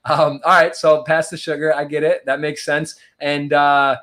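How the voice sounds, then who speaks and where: A man's voice: on the high side, little pitch movement, normal speed, fairly bright tone. A man hosting a podcast, asking chatty, rambling questions in a casual interview. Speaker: podcast host.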